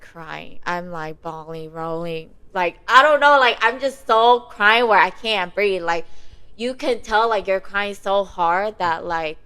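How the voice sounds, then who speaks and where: A woman's voice: fairly low pitch, clean tone, low-quality recording. A young woman telling a personal dream story in casual chat, rambling with many fillers. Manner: rambling, lots of "like" and "you know". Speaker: guest.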